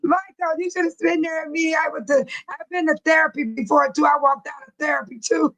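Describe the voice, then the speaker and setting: A woman's voice: sits high, steady tone, brisk, fairly bright tone, poor audio. A woman hosting a live stream, chatting casually with viewers and telling stories with frequent laughter. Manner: chatty, laughing often, colloquial storytelling.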